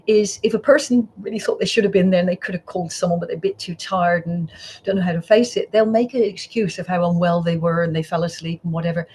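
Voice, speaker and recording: A woman's voice: medium pitch, fairly quick, slight background noise. A middle-aged woman psychologist, a podcast guest who tells stories and acts out the voices in them. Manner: warm storyteller, acts out quoted voices. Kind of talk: podcast interview.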